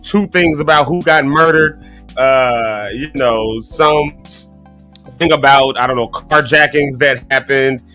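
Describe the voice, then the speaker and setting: A man hosting a casual live morning show, chatty and folksy, his throat rough from coughing. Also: mid-range voice, takes it slowly, bright, forceful tone, soft background music. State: choking, throat clearing.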